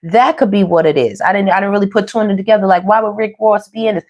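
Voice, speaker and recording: A woman's voice: mid-range voice, quick pace, a little mellow. A woman giving a casual tarot reading, chatty and slangy, talking to viewers as y'all and baby. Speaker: tarot reader.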